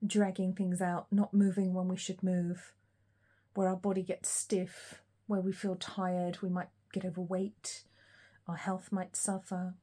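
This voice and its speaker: Woman, tarot reader, warm mellow voice, reflective, unhurried, lots of ums and pauses. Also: on the low side, completely flat delivery. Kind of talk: collective tarot reading.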